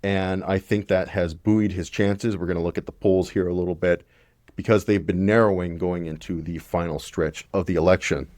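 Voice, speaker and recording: Casting: young guy, deep voice, dry close mic, blunt casual political commentator. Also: steady tone, moderate pace, darkish tone, no echo. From Canada. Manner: opinionated and conversational, blunt with occasional swearing.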